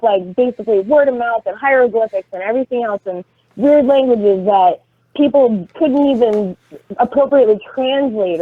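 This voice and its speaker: A woman's voice: a little high, no room sound. A woman calling into a podcast, talking in a casual, rambling way full of fillers and hedges. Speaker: podcast caller. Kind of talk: casual chat. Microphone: phone call. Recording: tinny phone line.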